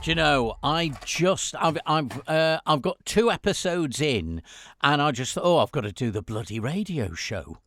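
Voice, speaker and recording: A man's voice: a little high, animated, normal speed, fairly bright tone. A man co-presenting a radio show who chats, jokes and laughs easily. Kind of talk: casual chat on a radio show.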